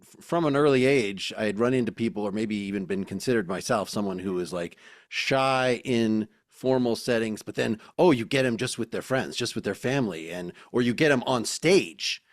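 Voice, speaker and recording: A man's voice: on the low side, expressive, no echo. Joking man podcast co-host, dry sound. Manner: joking, halting with restarts. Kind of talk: casual podcast chat.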